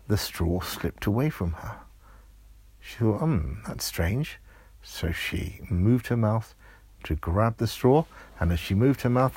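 A man's voice: medium pitch, a little mellow, breathy edge, dry recording. A man narrating an improvised children's story, playful and building suspense.

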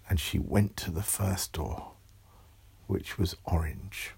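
Brief: slow, husky storyteller man, bedtime tale, whispery and lively. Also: deep voice. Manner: hushed and animated, drops to whispers.

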